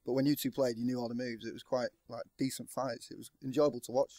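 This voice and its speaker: A man's voice: medium pitch, flat delivery, fast talker, warm tone, no room sound. A man, a listener who is a guest on a podcast, chatting casually in a rambling, self-deprecating way. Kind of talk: casual chat.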